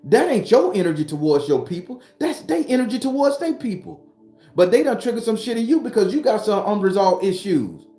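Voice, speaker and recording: A man's voice: sits high, sing-song, a little fast, warm tone, echoey room, soft background music. A man giving a blunt, profane motivational talk as a spiritual vlogger and tarot reader. He preaches in repeated phrases. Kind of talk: casual motivational monologue. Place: sitting behind his home studio.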